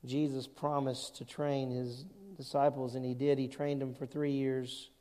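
A man preaching a sermon as pastor, earnest, with emphatic rising peaks and quieter asides. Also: medium pitch, little pitch movement, unhurried. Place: church sanctuary. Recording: long reverb of a church hall.

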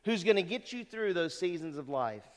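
Earnest preacher in a reverberant hall. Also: male voice, high-pitched, expressive, moderate pace. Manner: earnest, conversational preaching with rhetorical questions. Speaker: pastor. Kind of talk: sermon.

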